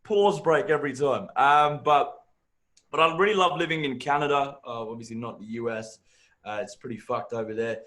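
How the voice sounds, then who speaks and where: A man's voice: medium pitch, normal speed. A man with a mixed English and Australian accent doing a brash, profane stand-up set. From born in England, raised partly in Africa and Australia. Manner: brash, profane, animated storytelling. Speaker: stand-up comedian.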